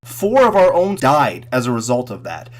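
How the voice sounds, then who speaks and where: A man giving an angry, profane political rant straight to camera, sarcastic and mocking, swinging between loud outbursts and muttered asides. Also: mid-range voice, huge pitch swings, normal speed. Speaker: political commentary vlogger.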